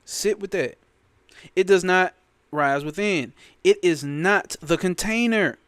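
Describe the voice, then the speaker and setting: A man's voice: sits high, takes it slowly, a bit bright, clear, resonant tone, no echo. A man teaching a spiritual text in a casual, emphatic way, repeating lines and cursing freely. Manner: emphatic, repetitive, sprinkled with profanity. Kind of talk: casual spoken commentary on a scripture.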